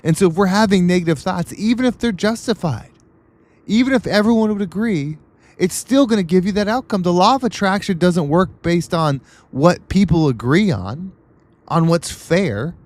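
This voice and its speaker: A man's voice: high voice, animated, normal speed, darkish tone. A man hosting a podcast, delivering an emphatic, repetitive motivational monologue. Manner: emphatic, repetitive pep-talk cadence. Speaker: podcast host.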